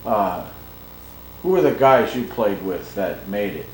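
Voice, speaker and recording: A man asking short, plain interview questions, his voice moving lively up and down. He sounds far from the mic in a roomy space, with faint ambience around him. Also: on the low side, unhurried, a little hiss or hum.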